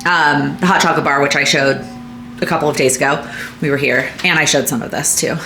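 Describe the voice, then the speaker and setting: A young woman talks casually to her camera from home, her voice sitting low for a woman. She rambles in a friendly way, full of likes and ums. A faint hiss sits under her voice. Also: fairly even intonation, brisk, pushed and bright. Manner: chatty, filler-heavy, with frequent likes and ums. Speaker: vlogger. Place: at home, indoors.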